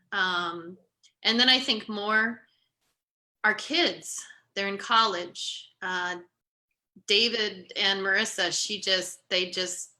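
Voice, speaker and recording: A woman guest speaks very slowly and hesitantly, pausing often. Her tone is sharp and tense. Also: medium pitch. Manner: soft, hesitant, many pauses.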